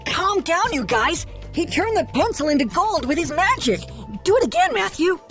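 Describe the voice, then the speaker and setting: A woman voicing an excited, eager young boy in a told story. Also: extremely high pitch, normal speed, faint music behind, exaggerated voice. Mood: insistent.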